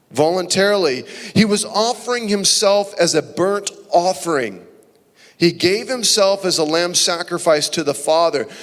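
A male pastor with a slightly high voice preaches a passionate sermon, swinging between loud emphasis and hushed, near-whispered phrases. The recording carries the long reverb of a large hall.

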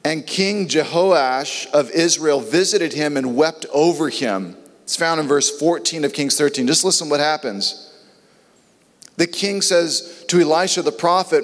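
An earnest male preacher delivers a sermon in a somewhat high voice. His words ring with a long reverb, as if spoken in a large hall. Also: moderate pace. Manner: earnest, acts out biblical dialogue in voices.

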